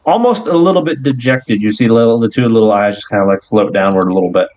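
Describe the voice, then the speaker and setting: A man narrating a tabletop role-playing game as game master, telling the scene in a relaxed way with fillers. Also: lowish voice, fast, dull audio.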